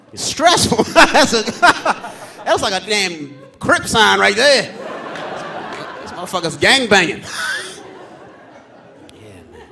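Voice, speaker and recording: A man in his thirties doing live stand-up comedy on a theater stage, telling loud, profane stories about his kids and acting them out in squeaky shouts. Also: slight background noise. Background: live audience laughter.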